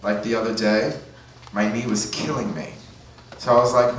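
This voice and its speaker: A man's voice: on the low side, fairly even intonation, normal speed, slight background noise. Brooklyn-raised male comic in an echoey club. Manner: rambling, self-mocking, chatty asides. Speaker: stand-up comedian. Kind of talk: stand-up comedy set. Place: comedy club stage. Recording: echoey club from far off with crowd.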